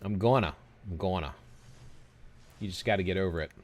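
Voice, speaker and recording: A young man hosting a game stream, talking loosely with his chat. His voice sits a little low, and he rambles, restarts and loops back mid-thought. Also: fairly quick, a little hiss or hum. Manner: rambling, self-interrupting storyteller. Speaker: gaming livestream host. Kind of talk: casual chat with viewers.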